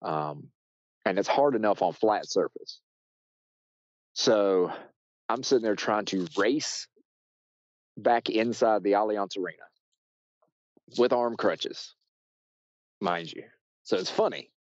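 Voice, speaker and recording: An American man, a podcast guest, telling a story casually with many restarts and fillers, shouting loudly when he acts out quotes. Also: lowish voice, animated, slow pace, pauses often, no room sound, highs cut off. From United States. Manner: rambling, with frequent restarts and fillers.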